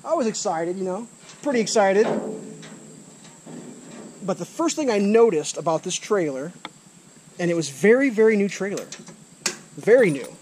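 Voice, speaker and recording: A man's voice: high voice, animated, moderate pace, long pauses, darkish tone, a little hiss or hum. A man ranting to camera as a vlogger, frustrated, swearing often and repeating himself, recorded outdoors. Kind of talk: angry rant to camera. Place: outdoors by a trailer.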